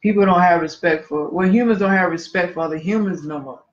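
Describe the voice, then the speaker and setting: A man's voice: high voice, fast. A man co-hosting a casual podcast chat, speaking earnestly and preachily and sometimes stumbling over his words. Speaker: podcast co-host. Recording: dull lo-fi livestream audio.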